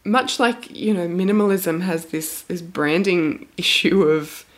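Low-voiced woman hosting a podcast. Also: a little slow. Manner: chatty, laughs often, reads listener offers. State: a little medicated, sounds spaced out. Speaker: podcast host. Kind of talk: casual podcast chat.

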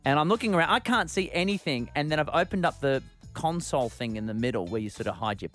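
An Australian man hosting radio, telling stories in lively banter. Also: on the high side, fast talker, soft background music. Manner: lively storytelling. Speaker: radio host.

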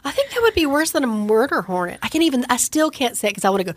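A middle-aged woman, co-hosting a podcast in a chatty, storytelling way with animated quoted voices. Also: high-pitched, very fast, dry recording. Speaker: podcast co-host. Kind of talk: casual chat.

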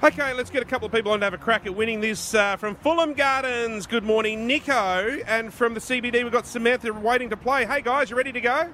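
A man's voice: very high voice, fast talker, hardly any pauses, bright, forceful tone, slight background noise. An Australian man hosting a breakfast radio show, upbeat and chummy. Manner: upbeat and chummy, says "mate". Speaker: radio host. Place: radio studio.

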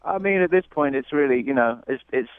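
A man's voice: mid-range voice, expressive, a little fast, clear, resonant tone, dry recording. A man with a London accent, calling in to a radio show and insisting he is genuine, exasperated and defensive. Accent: London English. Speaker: caller. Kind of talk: phone call on a radio show. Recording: muffled phone line with faint noise.

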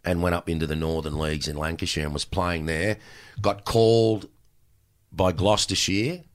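Aussie bloke in his 60s, low voice, tells yarns and acts out the other guys, swears a lot. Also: moderate pace. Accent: Australian. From Australia. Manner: animated, acts out exchanges in raised voice, swears freely. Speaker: podcast guest, former cricketer. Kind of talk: casual storytelling chat.

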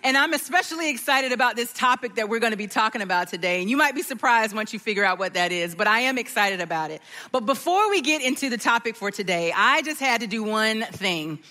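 Bright high-voiced middle-aged woman speaker. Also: quick pace, big-room sound. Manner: warm storytelling, expressive and playful. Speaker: church staff guest speaker. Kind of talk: church talk.

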